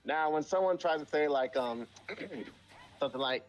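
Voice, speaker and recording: A man's voice: mid-range voice, lively intonation, normal speed, highs cut off. A man in casual chat on a live stream, talking bluntly and emphatically with plenty of swearing.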